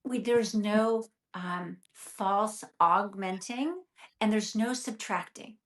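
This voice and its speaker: A middle-aged woman who practices acupuncture, talking as a guest in a chatty, animated way and acting out her inner thoughts as quick quotes. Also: mid-range voice. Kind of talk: casual conversational interview.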